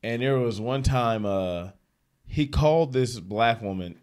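Animated laughing male podcast co-host. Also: medium pitch, unhurried. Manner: animated storyteller, laughs often. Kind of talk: casual podcast chat.

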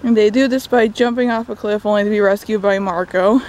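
A woman's voice: medium pitch, steady tone, a little fast, a little mellow, rough recording. A young woman casually recapping a book on a walk in the woods, with sarcastic asides, recorded on a phone. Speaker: book vlogger. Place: outdoors in woods.

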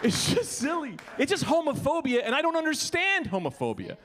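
A man's voice: extremely high pitch, wildly swooping pitch, a little fast. A man performing a loose, rowdy stand-up comedy set in a comedy club, acting out quotes. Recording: comedy club with loud crowd laughter.

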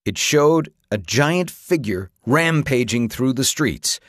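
A man reading an audiobook with dramatic, expressive narration. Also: medium pitch, takes it slowly, no echo, studio quality. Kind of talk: scripted narration.

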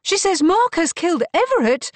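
A woman's voice: high voice, big pitch swings, moderate pace, darkish tone, husky, dry recording, pitched above the performer's own voice, exaggerated voice. A woman voicing an anxious, emotional young woman who exclaims in strained bursts. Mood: distraught. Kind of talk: audiobook character reading.

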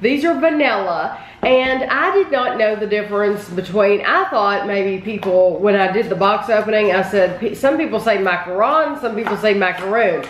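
A woman's voice: mid-range voice, normal speed, few pauses. Chatty woman tasting snacks, roomy sound. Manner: chatty, addresses viewers directly. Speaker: host. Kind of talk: casual food tasting chat. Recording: roomy with faint background noise.

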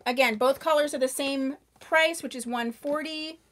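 A woman hosting a live wig sale into a microphone, chatty and gushing over products, often talking loudly and answering viewers by name. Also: high-pitched, normal speed. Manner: tends to talk loudly. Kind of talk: live-stream sales chat.

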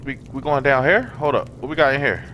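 A man commentating a horror game, excitable and profane, yelling and gasping at each scare. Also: mid-range voice, fairly quick, a little hiss or hum. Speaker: gaming YouTuber. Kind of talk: horror let's play commentary.

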